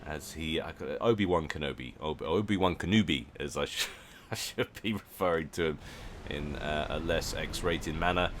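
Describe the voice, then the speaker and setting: A man's voice: extremely low pitch, moderate pace, a bit bright, slight background noise. A man giving casual, jokey commentary on a strategy game match, chatty and often correcting himself. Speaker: game caster.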